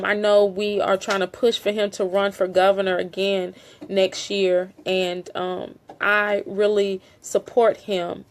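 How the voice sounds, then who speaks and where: A woman's voice: mid-range voice, a little mellow. A middle-aged woman making an impassioned, earnest appeal straight to her viewers, emphatic and repetitive with frequent fillers. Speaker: family member speaking out on a land dispute. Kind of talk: impassioned direct-to-camera appeal.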